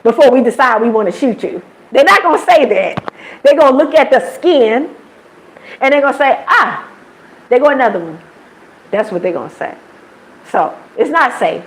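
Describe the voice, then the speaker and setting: A woman with an American accent chats through a live stream in a slightly high voice. She tells stories in a lively way, mimics the people she quotes, and breaks into laughter often. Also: moderate pace, slight background noise, low-quality recording. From United States. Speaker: livestream host. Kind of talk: casual livestream storytelling.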